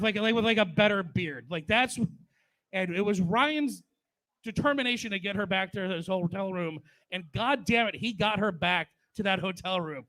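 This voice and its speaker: Forties male stand-up comic with a high voice; crude, profane, chatty tribute storytelling. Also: pushed and bright. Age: 40s. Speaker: stand-up comedian.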